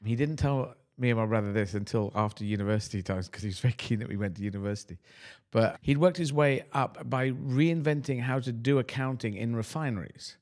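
A middle-aged man from the United Kingdom, a guest talking in a rambling, animated, self-deprecating way. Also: medium pitch, fairly quick, hardly any pauses. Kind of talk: casual conversational interview.

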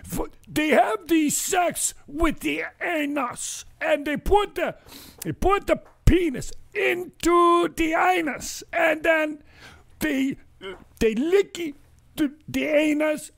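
A man putting on the voice of an excitable male preacher, with mocking, exaggerated delivery. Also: very high voice, takes it slowly, creaky, pitched above the performer's own voice, heavily acted. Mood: shrill outrage.

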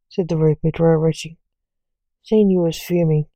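A woman reading a story aloud in an even, unhurried way, with little change of voice between characters. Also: low-pitched, no room sound. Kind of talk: read-aloud story narration.

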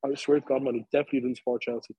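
Dublin guy on a podcast, husky voice, dry close sound, chatty and animated. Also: mid-range voice, rapid-fire, dry recording, dull audio. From Ireland. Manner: animated storytelling, lots of fillers and swearing. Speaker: podcast co-host. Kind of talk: casual chat.

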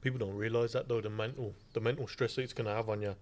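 A man's voice: on the low side, fairly even intonation, quick pace. A man co-hosting a casual podcast, chatty and slangy, laughing easily. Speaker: podcast co-host.

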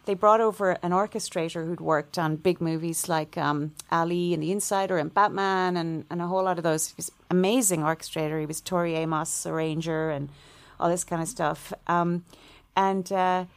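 Composer lady, middle-aged, kinda low voice, chatty and animated, does little voices for people in her stories. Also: normal speed. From Ireland. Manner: animated, acts out quoted voices with laughs. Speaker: composer guest. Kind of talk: storytelling interview answer.

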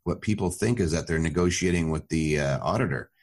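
A man's voice: sits low, a little fast. A man talking as a tax advisor guest on a podcast, explaining in a confident, plainspoken way. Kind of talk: podcast interview.

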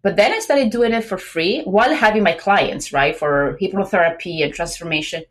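A pregnant woman talking as a guest on a business podcast, chatty and lively, acting out quoted remarks between many fillers. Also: on the low side, moderate pace. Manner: animated, acts out quoted voices, many fillers. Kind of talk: casual interview talk.

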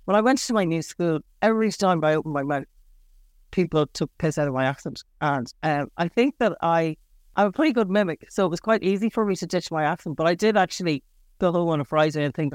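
A woman's voice: fairly low pitch, animated, fairly quick, a little mellow. A middle-aged Irish woman speaks as an interview guest, frank and self-mocking. She stops and restarts often and scatters fillers through her talk. Her voice is recorded close and dry, with no room echo. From Northern Ireland. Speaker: writer guest.

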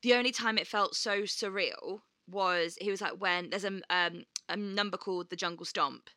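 A woman chatting on a podcast with a bright, forceful voice. She tells stories animatedly, jumps into other people's voices and swears freely. The sound is dry and close. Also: fairly low pitch, normal speed, no room sound. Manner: animated storyteller, acts out quotes, swears freely. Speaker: podcast co-host. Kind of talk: casual chat.

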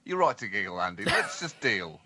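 A man co-hosting a satirical comedy podcast, telling stories in a lively, mock-grand way and building up to punchlines. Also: fairly low pitch, brisk, husky.

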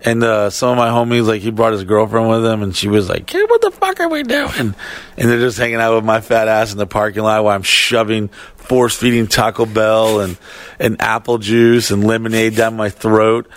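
A man's voice: lowish voice, flat delivery, fairly quick, dry recording. A man telling a long story in casual chat, rambling and heavily profane, with lots of fillers. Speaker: podcast storyteller.

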